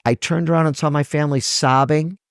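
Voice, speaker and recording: A man's voice: a little high, steady tone, fairly quick, clear, resonant tone, no echo, clean studio sound. A man, a trial lawyer guest on a podcast interview, speaking earnestly and emotionally, his voice rising when he stresses a point.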